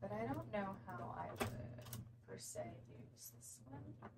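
A woman's voice: medium pitch, expressive, unhurried. A young woman chatting casually and rambling with lots of fillers as she unboxes planner supplies at her desk at home. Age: young adult. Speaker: planner vlogger. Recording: noisy background.

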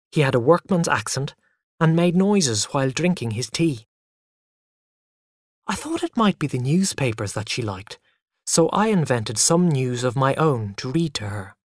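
A man reading a storybook aloud in an expressive, animated way, his pitch moving widely through each line. The sound is close and dry, with no room around it. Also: dry recording. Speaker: narrator. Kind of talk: scripted story narration.

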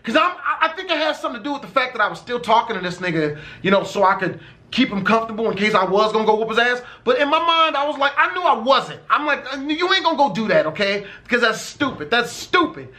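A man's voice: very high-pitched, animated, fast talker, pushed and bright. A young man telling a personal story in casual, profane vlog style, swearing constantly and stressing words hard.

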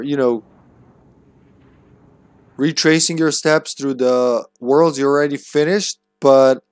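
A man's voice: mid-range voice, no room sound. Male game streamer, casual thinking-aloud commentary with light laughs; dry, close recording. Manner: musing, chuckling, reads game notes aloud.

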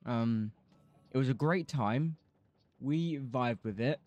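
A man's voice: medium pitch, takes it slowly, a little mellow, dry recording, lo-fi sound. A man streaming a game, rambling casually, swearing and humming bits of songs. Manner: rambling, sings snatches of songs, swears freely. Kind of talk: casual gameplay commentary.

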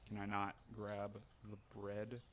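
A man giving casual gameplay commentary, narrating his own moves with animated mock outrage. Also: on the low side, slow, slight background noise. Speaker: gaming streamer.

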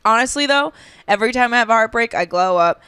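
Woman, podcast co-host, blunt, crude humor, smooth clear voice, dry close sound. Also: on the high side, lively intonation, fast talker, sharp tone, dry recording. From Boston, USA. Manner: blunt, crude, laughs often. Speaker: podcast co-host, stand-up comedian. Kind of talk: casual chat.

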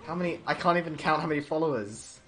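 Excitable young man streaming a game. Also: on the high side, quick pace. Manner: excitable, laughs often, stammers and restarts. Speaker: live streamer. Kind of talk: live gameplay stream commentary.

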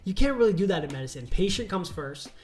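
A man's voice: high-pitched, very animated, fast. Earnest young male doctor vlogging. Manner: earnest, explanatory, rising emphasis. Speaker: doctor and channel host. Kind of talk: casual talking-to-camera vlog.

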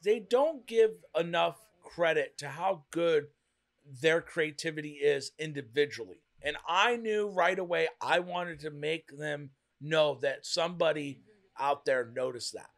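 A talkative man with a high, light voice co-hosts a casual reaction chat. He talks quickly and gets worked up, tumbling from one point to the next. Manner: fast, chatty, excitable. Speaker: co-host.

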